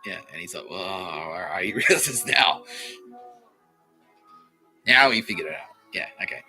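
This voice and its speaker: A man's voice: on the low side, normal speed, soft background music, rough recording. An Australian man hosting a comedy podcast, telling rambling stories full of swearing and laughter. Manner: profane, laughing, animated rants. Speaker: podcast host.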